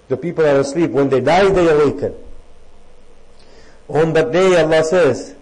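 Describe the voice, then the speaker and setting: A man giving a sermon as a lecturer, speaking emphatically, posing rhetorical questions and reciting Arabic verses rapidly. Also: on the high side, darkish tone, rough recording. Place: religious centre.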